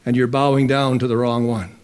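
A man preaching a sermon as pastor, stretching key phrases slowly and calling out questions to the congregation. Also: mid-range voice, level tone, darkish tone. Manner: slow emphatic preaching with drawn-out phrases and calls to the congregation.

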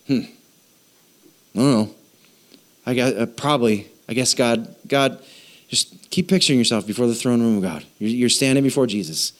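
A man's voice: mid-range voice, moderate pace, pauses often. Male pastor, earnest and conversational, mid-range voice, sermon prayed aloud. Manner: earnest, conversational, talks straight to God. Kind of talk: sermon acting out a spoken prayer.

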